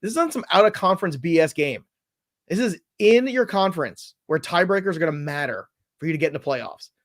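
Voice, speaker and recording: A man co-hosting a fantasy football show in casual chat, excitable and emphatic, prone to ranting. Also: a little high. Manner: excitable, emphatic, quick to rant.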